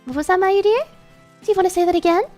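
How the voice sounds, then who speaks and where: A woman's voice: very high-pitched, racing, dark tone, faint music behind. A woman voicing a prim, sweetly menacing landlady who speaks in genteel tones and veiled threats, reading a game's dialogue on stream.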